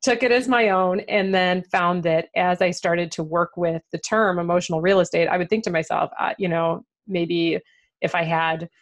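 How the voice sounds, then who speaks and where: Woman, author guest, candid, chatty, laughs often, fillers, low pitch. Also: steady tone, moderate pace. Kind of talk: conversational interview.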